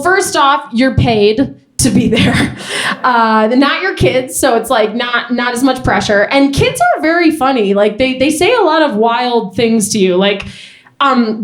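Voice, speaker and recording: A young woman doing a stand-up comedy set on a club stage, telling stories with quick asides. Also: on the high side. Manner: animated storytelling, quick asides. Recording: roomy club with faint noise.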